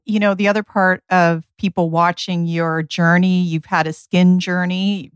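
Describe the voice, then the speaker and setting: A woman's voice: lowish voice, clean tone, dry recording, clean studio sound. A woman co-hosting a podcast, talking conversationally and asking follow-up questions. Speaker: podcast co-host. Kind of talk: casual interview talk.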